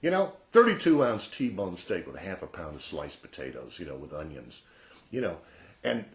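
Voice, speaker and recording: A man's voice: low voice, very animated, normal speed. A man in his sixties chatting casually and jokingly to camera as a vlogger. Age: 60s. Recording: roomy echo.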